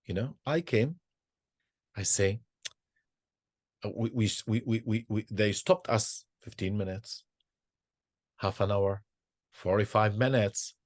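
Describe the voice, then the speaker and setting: An older Sufi sheikh and peacemaker from Israel, whose first language is Arabic, tells personal stories in a husky, somewhat low voice. He speaks haltingly, repeating words and restarting often, with no echo on the recording.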